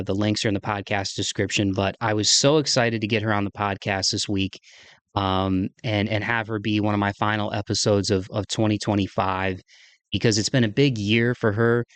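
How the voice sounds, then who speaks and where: A man's voice: on the low side, fairly bright tone, clear, resonant tone, no room sound. A man hosting his podcast from his kitchen, telling a story in a rambling, chatty way full of fillers. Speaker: podcast host. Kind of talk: casual solo monologue. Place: home kitchen.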